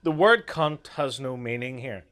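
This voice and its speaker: A young Irish man hosting a casual, crude commentary chat, animated and laughing often. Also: mid-range voice, a little slow. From Ireland. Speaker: commentary host.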